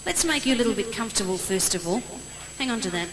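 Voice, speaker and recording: A woman's voice: mid-range voice, animated, fast talker, slight background noise, poor audio. A woman performing on a ballroom stage, teasing and bossing a man about in playful live banter. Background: band music.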